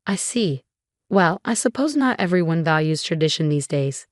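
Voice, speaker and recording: A woman voicing a scheming, condescending older mother-in-law with a saccharine, disdainful manner, in a low, dry read. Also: big pitch swings, moderate pace, no echo.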